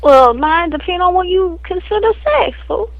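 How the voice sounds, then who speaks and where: In an improvised comedy spoof, a woman plays a crude, boastful street guy who rambles in slang and sticks "man" and "fool" onto every phrase. Her voice is very high-pitched and animated at a moderate pace, and the audio sounds narrow and tinny.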